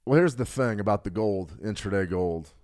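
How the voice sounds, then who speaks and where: A middle-aged man hosting a live trading stream, walking through charts quickly and joking with viewers in the chat. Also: lowish voice. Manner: fast, animated, jokes with viewers. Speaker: trading show host. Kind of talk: live market analysis with chat replies.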